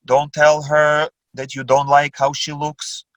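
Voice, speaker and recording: A rabbi lectures over a video call in a high-pitched man's voice, taking his time with each phrase. He teaches emphatically, posing rhetorical questions and answering them himself. The sound is close and dry, with no room echo. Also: monotone, slow pace, a bit bright.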